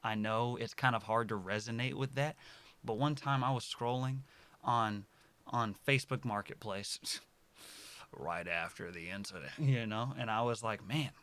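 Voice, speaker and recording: A man in his early twenties talking casually to his viewers, rambling and correcting himself, dropping to soft mutters and then bursting out loud. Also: mid-range voice, fairly even intonation, moderate pace, smooth. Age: early 20s. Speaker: vlogger. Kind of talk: casual personal monologue to camera.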